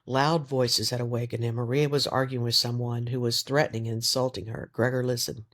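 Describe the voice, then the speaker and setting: A man reading a novel aloud in steady, measured audiobook narration. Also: medium pitch. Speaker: reader.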